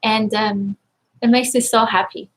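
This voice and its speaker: A woman coach talking casually to viewers on a live stream, energetic and upbeat, effusively thankful and at times close to tears. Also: a little high, unhurried, rough recording. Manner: emotional, near tears at times. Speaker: life and money mindset coach.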